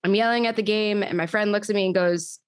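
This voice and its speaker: A woman's voice: mid-range voice, steady tone, fast talker, no room sound. A young adult woman from New York, telling her story casually in an interview, with a lot of "like" fillers. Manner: chatty, frequent "like" fillers. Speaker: podcast host and guest.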